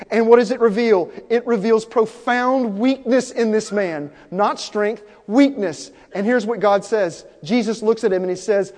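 A pastor preaching an impassioned sermon, swinging from hushed, intimate passages to loud, urgent peaks. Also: male voice, sits high, measured pace, hardly any pauses. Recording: long hall reverb.

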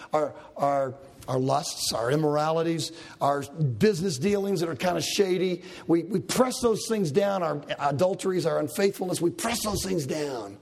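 Preaching with lively energy, this pastor recounts Bible stories and performs the characters' lines himself. He has a high-sitting male voice with a breathy edge.

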